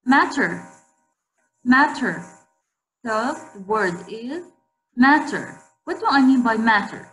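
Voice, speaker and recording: A woman's voice: on the high side, expressive, slow pace, long pauses, a bit bright, soft background music, rough recording. A woman teacher leading an online spelling lesson for girls, repeating each word and quizzing the class.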